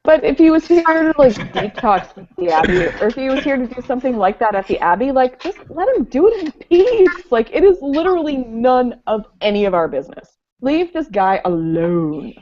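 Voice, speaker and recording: A woman on a casual panel chat, talking in an animated, emphatic way and laughing often. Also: high voice, brisk, hardly any pauses. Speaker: panel host. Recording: dull lo-fi online call audio.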